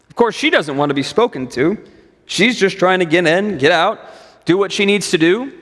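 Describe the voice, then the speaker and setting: A man's voice: high voice, animated, normal speed, a bit bright. A male preacher giving a sermon, retelling a story dramatically with repeated, building phrases. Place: church sanctuary. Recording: long church hall reverb.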